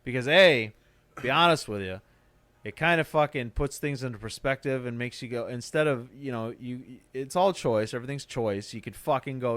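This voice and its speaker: A man's voice: medium pitch, moderate pace, fairly bright tone, no room sound. Ranting, profane male comic, dry sound. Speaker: podcast host; stand-up comic. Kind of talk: casual chat.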